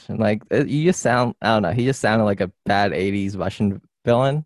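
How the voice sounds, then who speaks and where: A man's voice: lowish voice, lively intonation, moderate pace, no echo, clean studio sound. A man co-hosting a podcast, casually critiquing a film and mock-quoting characters with exasperation. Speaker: podcast co-host.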